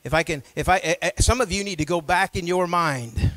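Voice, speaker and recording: Alternating between hushed low speech and loud shouts, a man preaches as pastor and throws call-and-response lines to his congregation. He talks fairly quickly over poor audio.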